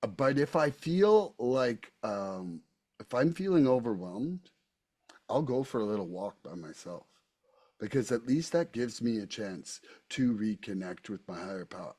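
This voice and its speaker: A man's voice: medium pitch, a little mellow. A man hosting a recovery podcast, speaking candidly and casually, often repeating his words as he thinks. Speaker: podcast host.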